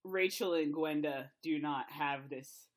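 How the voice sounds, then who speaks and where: A woman's voice: low voice, a little slow. A woman co-hosting a podcast, chatting casually and candidly about a TV mystery adaptation, swearing lightly and laughing often. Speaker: podcast co-host. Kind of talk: casual chat reviewing a TV adaptation.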